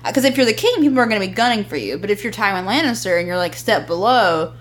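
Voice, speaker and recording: A woman co-hosting a casual podcast, talking fast and acting out characters as she retells scenes. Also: mid-range voice. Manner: animated, quick to act out characters. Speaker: podcast co-host. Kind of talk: casual recap chat.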